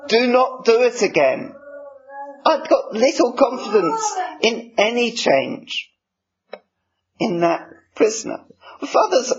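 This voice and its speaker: A man preaching a sermon. He reads scripture in a measured way and explains it. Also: sits high, creaky, husky. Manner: measured, slow reading of scripture. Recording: dull lo-fi recording.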